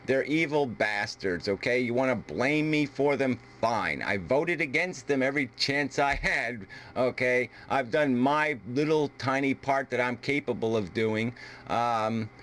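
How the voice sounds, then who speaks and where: A man's voice: medium pitch, unhurried, a bit bright. A man from the United States arguing heatedly in a video debate, combative and full of profanity. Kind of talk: heated argument.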